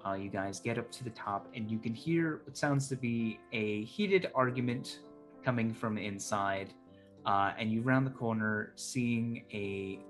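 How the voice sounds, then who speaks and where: A man with a lowish voice narrates as the game master of a tabletop game. His delivery is relaxed and halting, full of fillers.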